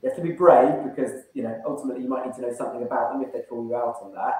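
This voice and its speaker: A man's voice: mid-range voice, fairly even intonation, racing, dark tone, far from the mic. A man running an online sales training session, coaching and acting out phone call openers. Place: room, online event. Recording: very echoey room.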